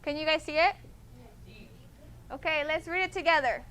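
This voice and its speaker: A woman's voice: high voice, moderate pace, pushed and bright. A woman teaching a Spanish class, patient, checking often that students follow. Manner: patient, repeats and checks understanding with "okay?".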